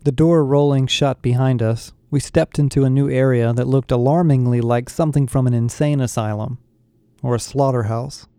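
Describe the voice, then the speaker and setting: A male narrator reads a story aloud with a wry, storytelling touch. His voice is mellow and warm, recorded dry and close with no room sound. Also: mid-range voice, steady tone, normal speed, smooth, no room sound. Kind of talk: audiobook narration.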